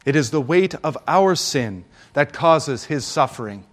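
Slow, solemn man preaching. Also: on the high side, expressive. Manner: solemn, deliberate preaching with dramatic pauses. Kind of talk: Good Friday homily.

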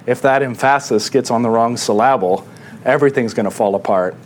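A man's voice: medium pitch, fairly quick, slight background noise. A male pastor giving a sermon in a conversational way, often checking in with the congregation with questions.

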